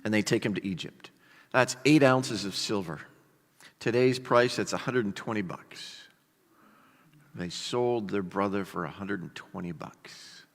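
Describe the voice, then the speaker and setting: A male pastor preaching a sermon with animated storytelling and casual asides to the congregation. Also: fairly low pitch, unhurried. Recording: long hall reverb.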